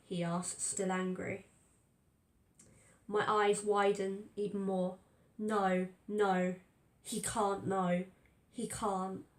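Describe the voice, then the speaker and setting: A woman narrating a first-person story aloud in a tense, fearful telling. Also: medium pitch. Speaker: audiobook reader. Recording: roomy echo.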